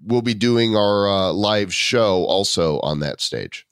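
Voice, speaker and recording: Deep-voiced man with wry banter. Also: expressive, takes it slowly, clean tone, dry recording, clean studio sound. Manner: wry, self-mocking banter. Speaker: podcast guest. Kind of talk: casual podcast chat.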